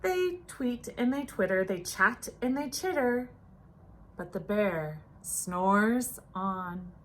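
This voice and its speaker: A woman reading a children's picture book aloud, playful and expressive with the rhythm of the rhymes. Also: medium pitch, takes it slowly. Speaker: storyteller.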